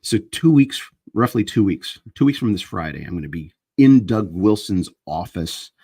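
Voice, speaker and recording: Low husky-voiced man rambling casually. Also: sing-song, normal speed, warm tone, no echo. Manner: meandering, self-interrupting, restarts sentences. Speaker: host of a live chat stream. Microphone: handheld microphone he moves around.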